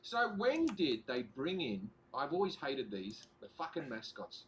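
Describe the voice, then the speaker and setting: A man's voice: medium pitch, very animated, measured pace, a little hiss or hum. A man co-hosting a podcast, riffing in casual comic chat with stammered restarts. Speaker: podcast co-host.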